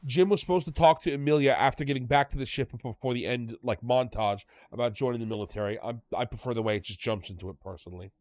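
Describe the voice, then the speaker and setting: A podcast host talks fast with few pauses, his medium-pitched voice darkish in tone on a dry recording. In a casual chat, he rambles through details and corrects himself as he goes.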